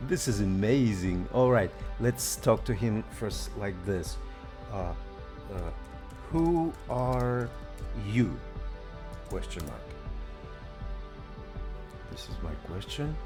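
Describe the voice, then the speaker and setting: A man hosting a casual software demo, excited and thinking aloud as he tries things out. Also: lowish voice, slow, long pauses, music in the background. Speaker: host.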